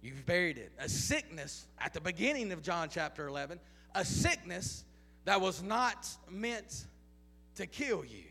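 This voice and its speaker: A man's voice: high-pitched, sing-song, unhurried, gravelly, pushed and bright, slightly rough. A man preaching a sermon in a church, repeating rhetorical questions and building to chanted intensity. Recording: long hall reverb.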